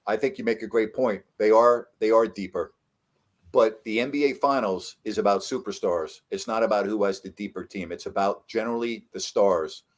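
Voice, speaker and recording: A middle-aged man, a veteran sports broadcaster, telling stories in a casual chat with lively jumps in his voice for emphasis. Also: fairly low pitch, moderate pace. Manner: animated storyteller, voice jumps up for emphasis.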